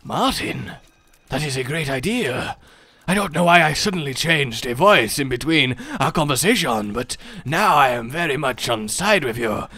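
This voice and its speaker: A man voicing a goofy male zombie enemy with a playful, put-on accent of no clear place. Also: mid-range voice, lively intonation, drawn-out words, few pauses, fairly bright tone, heavily acted. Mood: chummy. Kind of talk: comic voice acting during gameplay commentary.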